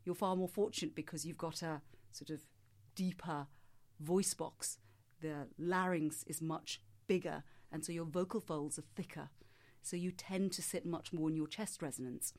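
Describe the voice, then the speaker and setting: Woman, voice coach, measured explanatory delivery, slightly low voice, interview. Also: fairly even intonation, darkish tone. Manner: measured, explanatory, demonstrates her own voice. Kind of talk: interview answers.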